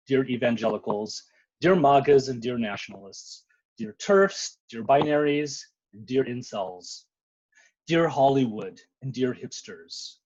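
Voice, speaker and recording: Man performing spoken word, husky, muffled. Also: mid-range voice, no room sound. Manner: dramatic, varied delivery with loud outbursts. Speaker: poet. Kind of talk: spoken word poetry reading. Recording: muffled lo-fi sound.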